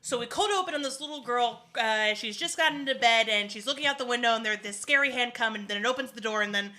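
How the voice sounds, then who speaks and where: A woman's voice: a little high, fast talker, bright, forceful tone. A woman co-hosting a podcast in casual chat, joking and self-mocking, often laughing as she talks. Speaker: podcast co-host.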